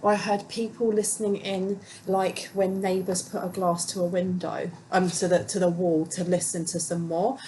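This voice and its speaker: A woman in her thirties gives a casual tarot reading to camera. Her voice sits at a middle pitch and she rambles easily, often saying um and restarting as she passes on channeled messages. Faint room ambience from a home with the windows open runs behind her. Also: darkish tone, slight background noise, poor audio. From Britain. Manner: chatty and rambling, reports channeled messages, many ums and restarts. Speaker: tarot reader.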